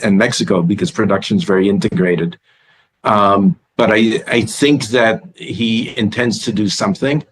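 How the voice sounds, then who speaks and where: A man who is a guest analyst in a remote interview, thoughtful and halting with repeated starts. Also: lowish voice, poor audio.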